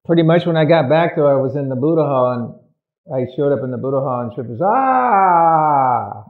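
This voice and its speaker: A man recalling his own past in an interview, halting and restarting as he quotes old dialogue. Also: mid-range voice, steady tone. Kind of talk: conversational recollection. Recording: tinny phone-like sound.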